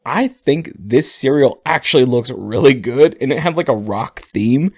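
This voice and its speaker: A man co-hosting a podcast, telling a story in a relaxed, casual way. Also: mid-range voice, measured pace, husky, dry recording, studio quality. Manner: relaxed storytelling, laughing often. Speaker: podcast co-host.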